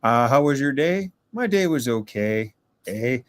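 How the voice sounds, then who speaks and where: A man's voice: mid-range voice, expressive, a little slow, no echo. A man from Minnesota, chatting casually in a recorded voice message and ending sentences with "eh". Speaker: listener sending a voice message.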